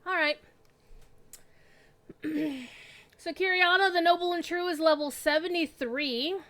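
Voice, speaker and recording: A woman's voice: extremely high pitch, a little slow, a bit bright. A woman streaming an online role-playing game, chatting casually to viewers and to her pet, with an easy, swearing-friendly manner. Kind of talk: casual live-stream chat.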